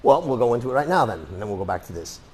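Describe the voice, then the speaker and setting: Man, self-defense instructor, casual live class, rambling, sarcastic, mid-pitched voice. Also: very animated, very fast, slight background noise.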